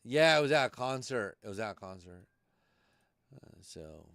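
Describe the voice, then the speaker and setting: A man's voice: medium pitch, animated, moderate pace, fairly bright tone, no room sound, studio quality. A man hosting a live podcast stream, talking loosely and cursing as he rambles through tech troubles. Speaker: podcast host. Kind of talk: casual live-stream chat.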